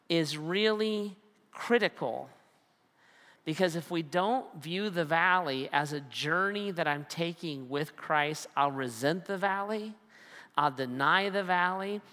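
A man preaching a sermon as a pastor, animated and acting out the voices he quotes. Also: a little high. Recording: long hall reverb.

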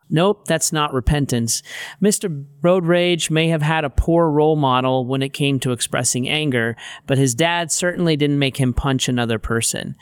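A middle-aged man reading aloud from his Christian teaching book, plainspoken and wry in a steady teaching tone. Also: fairly high pitch, moderate pace, smooth, no echo, clean studio sound. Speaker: author.

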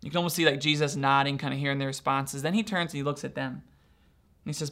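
A man's voice: medium pitch, fast talker, a bit bright. A male pastor preaching a sermon in an informal, conversational teaching style.

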